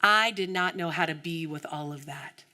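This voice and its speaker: A woman from the United States giving an inspirational keynote talk, telling her story with animated storytelling and acting out the voices of the people in it. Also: fairly low pitch, normal speed. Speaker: keynote speaker.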